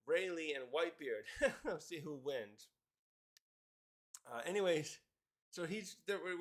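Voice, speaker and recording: A man's voice: on the high side, a bit bright. A man casually recapping a comic chapter, rambling with fillers and chuckles. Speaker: manga reviewer.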